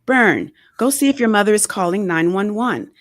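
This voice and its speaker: Woman reading as a calm, steady father. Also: low voice, a little slow, creaky, no room sound, studio quality, full character voice. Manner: steady, instructing. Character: calm middle-aged father taking charge. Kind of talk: reading a memoir aloud.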